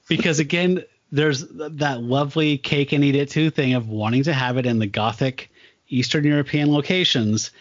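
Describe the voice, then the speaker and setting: Excited guy gushing about an old comic on a podcast, dry dull sound. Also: mid-range voice, no room sound. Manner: enthusiastic, laughs often, makes pop culture comparisons. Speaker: podcast co-host. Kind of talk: casual comic book discussion.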